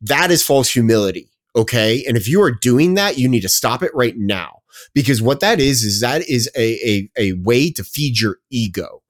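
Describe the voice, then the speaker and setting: A podcast co-host rants emphatically in casual chat, repeating himself and interrupting his own sentences to drive the point home. His mid-range voice is expressive and moderately paced, recorded dry with clean studio sound.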